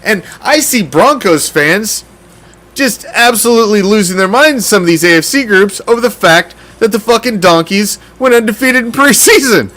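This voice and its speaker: A man's voice: high-pitched, expressive, normal speed, bright, forceful tone. A man hosting a fan sports show, ranting in a heated, sarcastic and profane way, with loose stumbling restarts. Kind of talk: casual ranting commentary.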